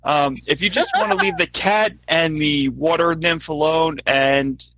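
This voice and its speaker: Sheepish, stammering bright-voiced man. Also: on the high side, measured pace, no echo. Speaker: player. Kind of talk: in-character tabletop play.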